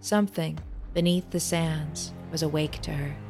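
Female audiobook narrator, measured and dramatic, slight fry. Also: low voice, fairly even intonation, over music. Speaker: storyteller. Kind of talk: scripted fantasy audiobook narration.

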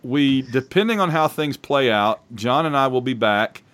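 This is a man co-hosting a casual sports podcast. His voice sits mid-range for a man. He rambles excitably and keeps interrupting his own sentences. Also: mid-range voice, normal speed. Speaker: podcast co-host.

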